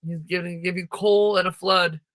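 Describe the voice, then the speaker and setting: A man co-hosting a comedy podcast, adding quick jokes and deadpan punchlines. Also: high-pitched. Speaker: podcast co-host. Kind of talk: comedic banter.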